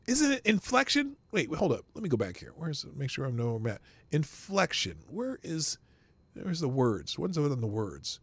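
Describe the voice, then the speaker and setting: A male host with a somewhat high, gravelly voice reads news pieces aloud and breaks in with sarcastic commentary. His pitch swings widely as he talks, and he trips over words and laughs it off. The sound is dry and close. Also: wildly swooping pitch, moderate pace, fairly bright tone, no echo. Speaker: podcast host.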